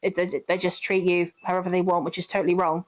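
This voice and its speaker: A woman's voice: fairly low pitch, little pitch movement, quick pace. Chatty woman streamer, lo-fi audio. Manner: chatty, gently reassuring, giving advice to viewers. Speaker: live streamer. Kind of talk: casual live-stream chat.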